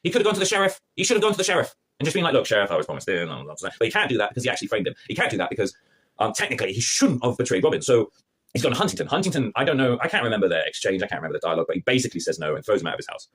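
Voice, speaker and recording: Fast-talking, animated male TV reviewer. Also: medium pitch, slightly rough. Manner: sarcastic, animated, acts out scenes in mocking voices. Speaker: TV review vlogger. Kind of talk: casual spoken TV review.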